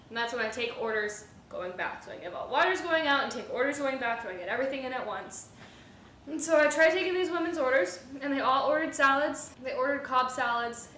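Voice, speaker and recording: A young woman rambles through a workplace story in a casual vlog, animated and profane. Her voice sits a little high and bright, and a roomy echo and a faint hiss hang around it. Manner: rambling, animated storytelling with frequent swearing and fillers. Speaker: restaurant server and vlogger. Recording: echoey room with faint hiss.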